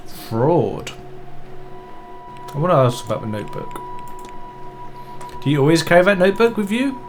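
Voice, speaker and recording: A man's voice: fairly high pitch, very animated, normal speed, pauses often, faint music behind. A man streaming a mystery game, reading its text aloud and adding casual asides.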